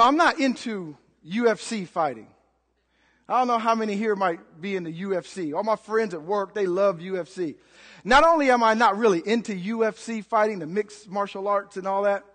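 A man's voice: sits high, a bit bright, long reverb tail. A man preaching a sermon as a pastor, emphatic and rousing, calling out to the congregation in a church. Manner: emphatic, call-and-response exhortation.

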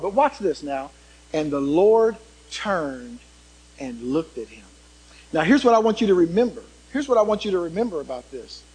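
Husky, high-voiced dramatic preacher man. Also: rough recording. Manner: dramatic, swings from loud emphasis to hushed tones; asks the congregation questions. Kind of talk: sermon.

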